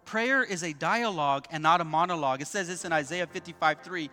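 A man's voice: fairly high pitch, brisk, few pauses, pushed and bright, soft background music. A male pastor preaching a sermon at a church service, emphatic, repeating key points and calling out to the congregation.

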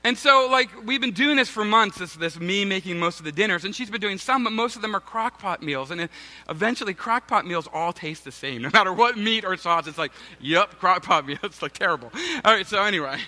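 A male pastor in his thirties preaches with a high voice and a bright, ringing tone. He tells a story against himself, mocks himself, and keeps turning to the congregation in a chatty, casual way. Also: lively intonation, a little fast. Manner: self-mocking, conversational, addresses congregation as guys. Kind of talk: sermon with personal story.

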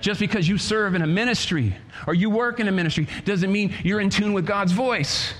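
Male pastor, fairly high voice, fervent sermon delivery in a reverberant church hall. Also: brisk, a bit bright. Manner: preaching with swells of volume and stretched phrases.

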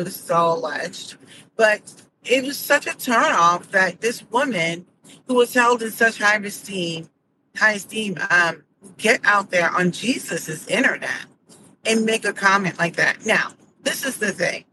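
A middle-aged woman talks straight to her podcast listeners, telling stories and calling out what bothers her with firm, indignant emphasis. Her delivery is casual and conversational. A steady layer of background noise sits under her voice throughout. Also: medium pitch. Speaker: podcast host. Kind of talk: casual commentary monologue.

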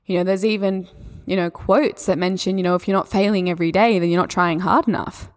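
Australian female podcast host, mindset coach, soft encouraging delivery, slightly low voice. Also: steady tone, fairly quick. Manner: gentle, encouraging, spiritual. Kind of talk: solo podcast talk.

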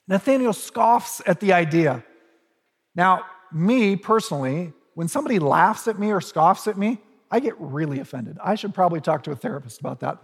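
A man's voice: sits high, expressive, normal speed, slightly rough, big-room sound. A male pastor preaching a sermon in a conversational storytelling way, with humorous asides, in a church.

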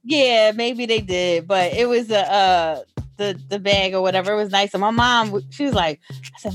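A woman chats on a podcast in a relaxed, slangy way and laughs through her stories. Her pitch sits mid-range. Faint music plays underneath. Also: moderate pace. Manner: laid-back, slangy, laughs while telling stories. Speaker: podcast co-host. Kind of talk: casual chat.

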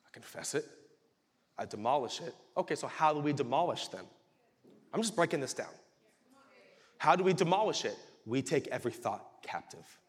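A male pastor preaching a sermon with animated delivery that rises to shouts. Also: medium pitch, normal speed, pauses often. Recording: reverberant hall.

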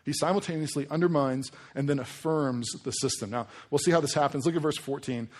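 Casual, animated male preacher. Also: fairly high pitch, brisk. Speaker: pastor. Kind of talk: sermon.

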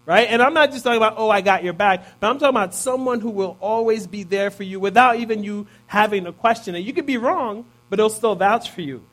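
A man in his thirties gives a casual, conversational sermon in a high, slightly bright voice. He talks fast with few pauses and keeps checking in with listeners by asking "right?".

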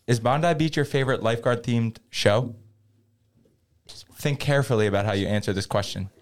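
A man's voice: mid-range voice, animated, normal speed, long pauses. A man co-hosting a lifeguard podcast, playfully interviewing a guest with leading questions. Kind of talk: casual chat, interviewing a guest.

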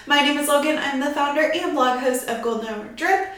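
A woman's voice: high voice, a little fast, a bit bright, very echoey. A young woman hosting her lifestyle podcast in a chatty, bubbly way, a little out of breath and laughing often. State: a bit out of breath. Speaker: podcast host. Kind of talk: casual podcast chat.

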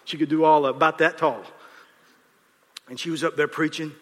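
Male pastor in his fifties, high voice, bright sharp tone, animated storytelling sermon, long reverb of a big church hall. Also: normal speed. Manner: animated, acts out quotes, restarts. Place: large church auditorium.

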